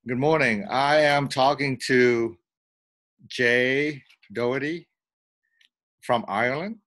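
A man's voice: medium pitch, takes it slowly, fairly bright tone. A man hosting a casual interview over a video call, upbeat and asking loose questions. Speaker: interview host.

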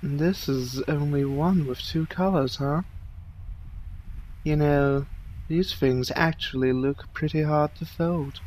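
A man's voice: on the high side, slow, darkish tone. A man hosting a let's play, muttering laid-back asides and casual swearing while he plays at home. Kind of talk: gameplay commentary.

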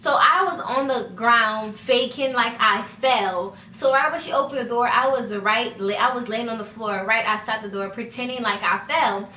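A young woman tells a casual story to her camera, chatty and loose, dropping "like" every few words and acting out the other people's lines. Her voice is bright and a touch high. She sits a little away from the mic in an echoey room. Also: normal speed, few pauses, distant mic, a little hiss or hum. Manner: chatty, fillers of "like" and "you know", acts out quoted dialogue. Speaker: vlogger.

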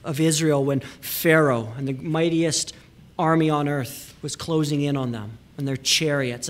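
A man pastor preaching a sermon in a church, emphatic, sometimes dropping to hushed asides and repeating words for emphasis. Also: a little high. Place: church sanctuary.

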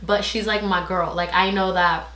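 Young woman, casual storytelling, bright voice, echoey room, animated, swears a lot. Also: fairly low pitch, moderate pace. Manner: animated, swears freely, acts out quotes. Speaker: vlogger.

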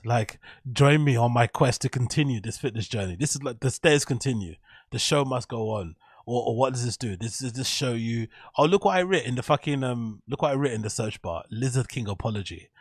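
A man's voice: medium pitch, husky, no room sound. Dry-sounding man riffing sarcastically. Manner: swears freely, rambling and joking. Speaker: reaction video host. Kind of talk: casual reaction commentary.

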